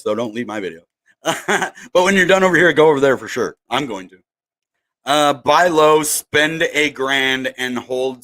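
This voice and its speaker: Guy with a slightly high voice rambling on his crypto livestream, lots of ums, shouting out people in chat. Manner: rambling, full of fillers and asides; greets and thanks viewers from the chat. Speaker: crypto YouTuber.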